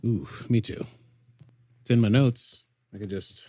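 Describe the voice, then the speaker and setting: A man's voice: medium pitch, slow, pauses often, warm tone, dry recording. A man co-hosting a podcast, chatting playfully and enthusiastically about a TV episode. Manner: playful, enthusiastic fan banter. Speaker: podcast co-host. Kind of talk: casual chat about a TV episode.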